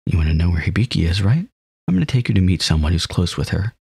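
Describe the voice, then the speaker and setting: A curt, resentful shadow creature from a visual novel, voiced by a man speaks in a deep, heavily husky voice. Its replies are flat and clipped. The sound is dry and close, with no room in it. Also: fast talker, dry recording, full character voice. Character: strange talking shadow, male, curt and resentful. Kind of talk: reading a visual novel aloud.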